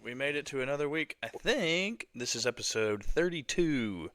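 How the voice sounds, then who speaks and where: A man's voice: medium pitch, expressive, normal speed, a bit bright. A man hosting a sports podcast in casual chat, joking dryly and steering the talk. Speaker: podcast host.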